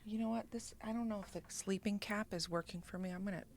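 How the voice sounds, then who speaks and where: A woman's voice: medium pitch, fairly even intonation, fast talker, a little mellow, a little hiss or hum. A woman co-hosting a stream, chatting in an easygoing, offhand way. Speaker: co-host. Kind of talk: casual stream chat.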